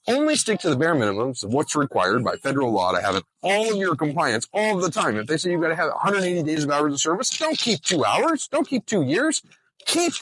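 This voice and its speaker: Animated, joking man with husky voice. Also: sits high, dry recording. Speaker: trucking compliance host. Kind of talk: casual vlog explainer. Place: outdoors in bright sun.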